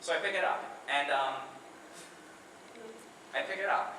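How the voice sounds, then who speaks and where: An awkward young man performs self-deprecating stand-up in a college comedy club, often stumbling and restarting his sentences. His tone is bright and forward, but he sounds far from the mic. The room adds heavy echo, with faint noise underneath. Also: high voice, unhurried, long pauses. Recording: roomy distant club recording. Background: audience laughter.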